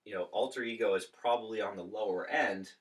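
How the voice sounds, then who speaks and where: A man's voice: fairly low pitch, brisk, far from the mic, slight background noise. A man co-hosting a podcast, chatting eagerly with many fillers. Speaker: podcast co-host. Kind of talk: casual podcast chat.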